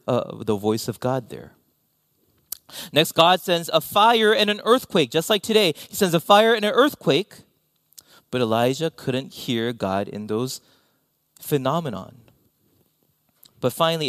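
A man preaching a sermon as pastor, animated, with self-deprecating asides and sudden drops to near-whispers. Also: medium pitch, no room sound, studio quality.

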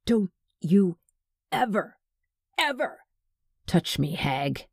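A woman's voice: on the low side, unhurried, gravelly, mellow, no room sound, clean studio sound. A woman reading the part of a scheming, contemptuous man who talks in a sneering drawl. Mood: menacing.

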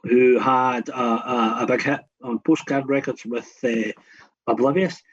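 This radio guest is a husky man in his fifties who rambles through anecdotes, regularly restarting sentences as he goes. He speaks unhurriedly in a steady, slightly breathy voice of ordinary middle pitch, captured on a somewhat dull, muffled recording.

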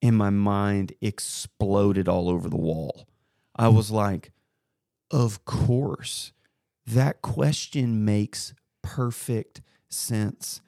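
Slow-talking, low-voiced man. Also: vocal fry, no echo, studio quality. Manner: storytelling, animated retelling of a conversation. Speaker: podcast co-host. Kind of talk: casual faith chat.

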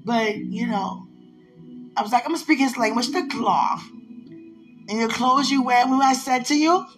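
Addressing a loved one in a casual vlog, a woman rambles, giggles and gushes, her voice swinging up and down. It sits on the high side at a normal pace. Music plays beneath her, and the audio is poor.

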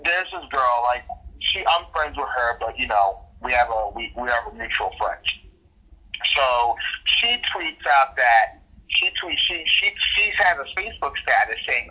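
Husky animated man with a bright edge. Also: medium pitch, moderate pace, poor audio. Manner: animated, indignant storytelling. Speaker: podcast co-host. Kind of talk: casual podcast chat.

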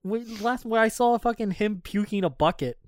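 A man's voice: sits high, normal speed, no room sound. Young man telling profane stories, dry sound. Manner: profane, storytelling, laughs often. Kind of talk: casual chat.

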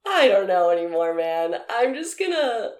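A woman in her thirties chats casually and acts out every line she quotes, her voice at an ordinary middle pitch. She works as a comedian. The recording carries a roomy echo. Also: moderate pace. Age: 30s. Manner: animated storyteller, acts out quotes. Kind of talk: casual chat.

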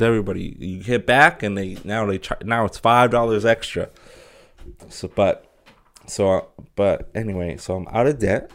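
A young man with a fairly low voice talks through a casual solo podcast. He rambles and jokes, restarting sentences and leaning on fillers as he goes. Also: creaky. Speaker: podcast host.

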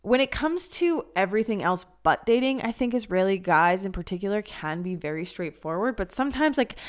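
A young woman hosting a podcast, chatting casually and frankly, with plenty of swearing and animated emphasis. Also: mid-range voice. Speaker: podcast host. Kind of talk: casual chat.

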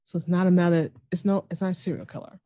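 Mellow-voiced woman recapping a TV episode. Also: lowish voice, fast talker. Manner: animated retelling, acts out characters' lines. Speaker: podcast co-host. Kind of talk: casual TV recap chat.

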